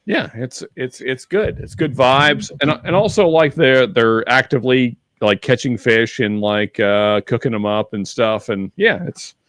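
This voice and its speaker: Man, casual podcast chat, mid-pitched voice, halting and rambling, stacks of fillers and restarts, dry close-miked sound. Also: a bit bright, no room sound. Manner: reads viewer chat aloud. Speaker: podcast co-host.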